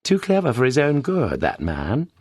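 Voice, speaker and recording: A man with a British accent reading a detective story as an audiobook narrator in a steady storytelling manner. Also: mid-range voice, moderate pace, husky, dry recording, clean studio sound. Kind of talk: scripted narration.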